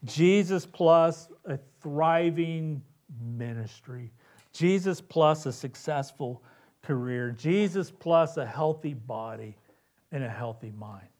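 A male pastor delivering a sermon in a church, his voice set a little high for a man. He talks slowly and deliberately. He rises to loud cries and then drops to soft, hushed lines. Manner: dynamic preaching, swinging from loud cries to hushed tones.

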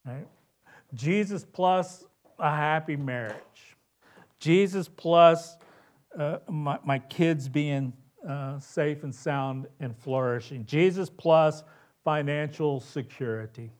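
A man preaching a sermon in church as pastor. He swings from loud, urgent cries to hushed, quiet tones. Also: a little high, slow.

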